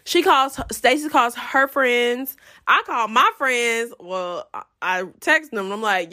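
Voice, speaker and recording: Lively, bright-voiced young woman telling a story. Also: fairly high pitch, slow. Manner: animated, profane, laughing storyteller. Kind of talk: casual storytime.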